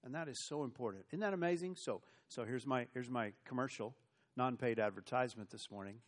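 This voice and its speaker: A man's voice: medium pitch, fairly quick. A male pastor preaching an earnest sermon, stumbling over repeated restarts and adding wry asides. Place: church.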